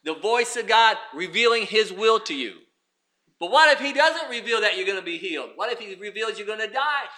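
A man preaching with a very high, piercingly bright voice. He swings from ringing emphasis down to near-whispered asides as he addresses the congregation. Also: lively intonation, a little fast. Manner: preaching with swings from loud to hushed. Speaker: pastor. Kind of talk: sermon.

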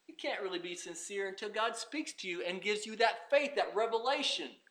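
A man's voice: high voice, expressive, moderate pace, sharp tone. A man preaching a sermon as pastor, emphatic and repeating his points.

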